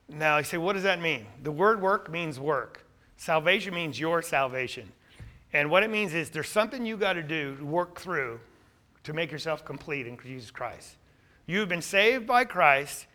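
A man's voice: a little high, bright, forceful tone. A man preaching a sermon who is losing his voice, talking earnestly and putting questions to his listeners before answering them himself.

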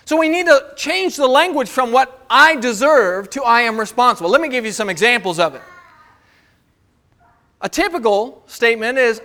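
High, bright-voiced male pastor preaching. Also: lively intonation, moderate pace. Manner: asks the congregation rhetorical questions; acts out voices of the people he quotes. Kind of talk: sermon.

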